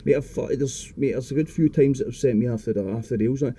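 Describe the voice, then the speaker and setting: A man's voice: medium pitch, quick pace, mellow, slightly rough. A young Scottish man telling a long rambling story in casual chat, swearing constantly and restarting his sentences. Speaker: podcast guest.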